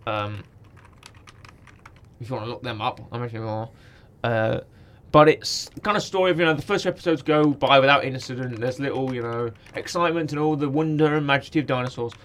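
A man's voice: medium pitch, brisk, fairly bright tone. A man co-hosting a podcast, chatting casually about a cartoon series, rambling, correcting himself and laughing often. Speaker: podcast co-host.

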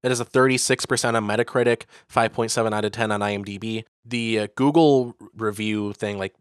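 A young man co-hosting a casual movie-review podcast, halting and full of fillers, with a wry tone. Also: on the low side, steady tone, smooth, dry recording, clean studio sound. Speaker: podcast co-host.

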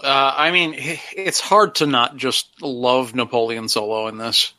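A man's voice: mid-range voice, fairly even intonation, measured pace, sharp tone, no echo. A man co-hosting a casual podcast, speaking earnestly and with enthusiasm. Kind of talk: casual chat.

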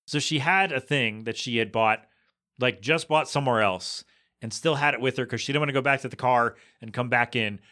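A man on a podcast telling a rambling anecdote in a casual, animated way, acting out the people in it as he goes. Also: medium pitch, brisk. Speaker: podcast co-host. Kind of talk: casual storytelling chat.

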